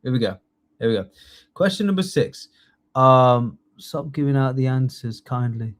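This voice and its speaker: A man from the United Kingdom, in his thirties, leads a live online citizenship test quiz lesson in a mid-range, expressive voice at normal speed. He keeps it chatty and jokey, reading out multiple-choice questions and naming students as he praises them.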